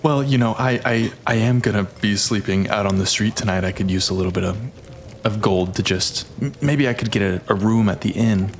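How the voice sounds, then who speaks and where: A man playing a shifty, down-on-his-luck bard in a tabletop game, with a low voice and smooth, pious talk. He pleads for coin and lies easily when questioned. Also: brisk, slight background noise, natural voice. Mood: pleading. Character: shifty, destitute male bard devoted to a goddess.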